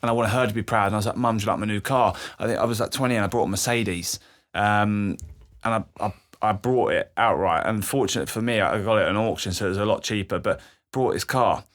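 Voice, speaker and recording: A young man speaks in a low register as he opens up about his past. He talks with emotion and swears freely, slipping into the voices of the people he quotes. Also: fast, fairly bright tone. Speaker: guest. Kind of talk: candid personal storytelling.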